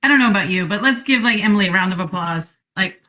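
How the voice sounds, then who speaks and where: A woman's voice: mid-range voice, fast talker, pushed and bright. A woman hosting a live coaching call, upbeat and effusive as she thanks her guest and audience.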